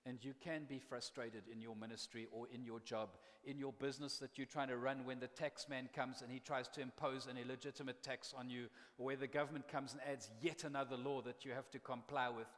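Impassioned preacher in a reverberant hall. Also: male voice, medium pitch, fairly even intonation, fairly quick, hardly any pauses. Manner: impassioned, conversational, repeats words when fired up. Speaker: pastor. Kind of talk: sermon. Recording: long reverb of a large hall.

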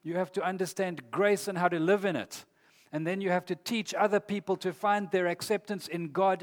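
A man's voice: high-pitched, steady tone, normal speed. A man preaching a sermon in an earnest, emphatic way, reading scripture aloud. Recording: long hall reverb.

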